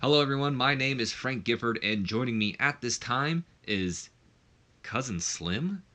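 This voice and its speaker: A man's voice: medium pitch, lively intonation, moderate pace, bright, forceful tone. A man lightly voicing a polite male backstage interviewer with a formal, announcer-like delivery.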